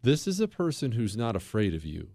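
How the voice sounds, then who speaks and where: A man's voice: lowish voice, wildly swooping pitch, brisk, vocal fry, warm tone, no room sound, clean studio sound. A male talk show host delivering a fiery, opinionated monologue, hammering his points and repeating phrases for punch.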